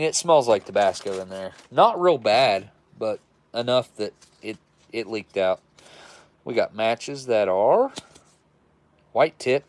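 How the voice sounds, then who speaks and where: A man's voice: on the low side, no room sound. A man hosting a casual livestream, reviewing old military rations and chatting with viewers in a folksy, self-described redneck way.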